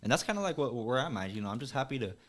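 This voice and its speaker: A man, a podcast guest who runs a boba shop, talking casually and quickly with lots of "like" and some swearing. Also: medium pitch, very animated. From West Texas. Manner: fast, loose, swears freely, lots of "like". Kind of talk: casual chat.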